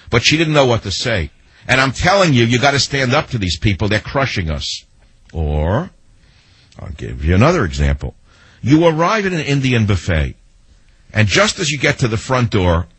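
A man's voice: medium pitch, big pitch swings, moderate pace, a bit bright, breathy edge, no room sound, poor audio. A man hosting a talk radio show, telling sarcastic stories and mimicking the people in them. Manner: sarcastic, storytelling with mimicked quotes. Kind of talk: monologue to listeners.

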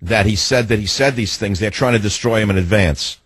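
A man's voice: on the low side, fairly quick, slightly rough, no echo. A man hosting a political radio talk show, combative and full of rhetorical questions.

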